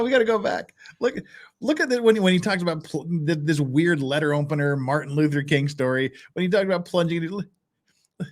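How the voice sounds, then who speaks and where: Man, live-stream commentary, sarcastic, joking, swears, lively pitch. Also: moderate pace. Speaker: streamer reacting to trial footage.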